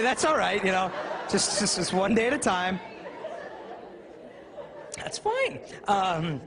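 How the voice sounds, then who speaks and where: A man's voice: high voice, animated, unhurried, pauses often, crowd noise. A man giving a live talk to students, telling humorous stories and acting out voices. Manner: humorous storytelling, acts out voices. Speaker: youth speaker. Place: large hall with audience. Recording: reverberant hall, faint ambient noise.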